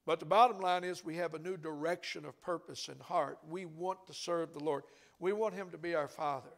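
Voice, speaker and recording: A man's voice: on the high side, steady tone, a little fast, gravelly, fairly bright tone. An older man preaching a sermon in a church, telling stories in a folksy, conversational way.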